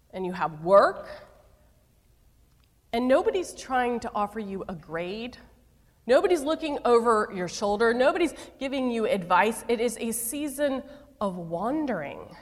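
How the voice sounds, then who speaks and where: A woman's voice: a little high, in a large hall. A middle-aged woman pastor preaching a sermon, telling stories with playful asides.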